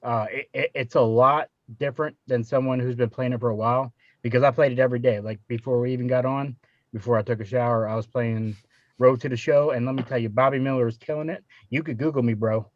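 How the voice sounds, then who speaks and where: A man's voice: medium pitch, steady tone, fast, no echo. A man on a gaming podcast, boasting and joking. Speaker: podcast co-host. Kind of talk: casual chat. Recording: dull, lo-fi, dry.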